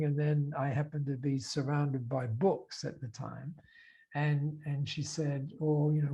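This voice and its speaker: Australian male guest, gravelly, mellow tone, storytelling with fillers and restarts, slightly raised pitch. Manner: anecdotal, many fillers and restarts, acts out quoted dialogue. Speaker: interview guest. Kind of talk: storytelling in a podcast interview.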